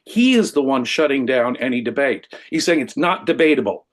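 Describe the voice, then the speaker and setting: A man who is a lawyer, co-hosting a show and arguing his point in a deliberate, reasoned way. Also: mid-range voice, animated. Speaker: lawyer co-host. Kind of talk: casual commentary.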